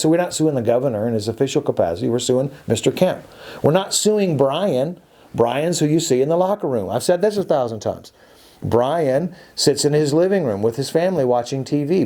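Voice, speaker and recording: Male attorney host, warm mellow tone, insistent and repetitive, stumbles often. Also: medium pitch, vocal fry. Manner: emphatic, repetitive, stumbles and restarts. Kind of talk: opinionated podcast monologue.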